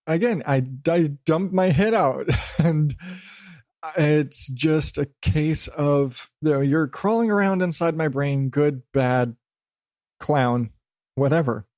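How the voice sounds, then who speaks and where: A middle-aged man rambling alone into a close podcast mic, loose and self-mocking, with a voice of ordinary middle pitch. The sound is dry, with no room around it. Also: darkish tone, dry recording. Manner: loose, self-deprecating, slips into silly voices; swears casually. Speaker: podcast host. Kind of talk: rambling solo podcast talk.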